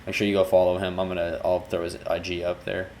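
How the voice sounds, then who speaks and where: A man's voice: low-pitched, completely flat delivery, fast, darkish tone, slight background noise. A man, a music video director, talking loosely through a breakdown of his work and restarting his sentences as he goes. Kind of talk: casual video breakdown commentary.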